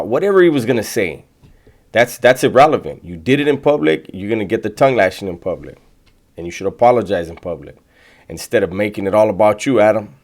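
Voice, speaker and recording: A man on the panel mocking the host and weighing in with animated, opinionated commentary. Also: lowish voice, normal speed.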